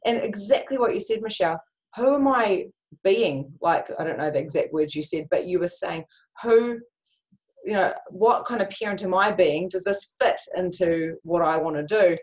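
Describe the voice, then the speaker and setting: A woman life coach chatting on a video call, telling stories in an animated way with lots of fillers and restarts. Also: on the low side, moderate pace, rough recording. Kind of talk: conversational video-call chat.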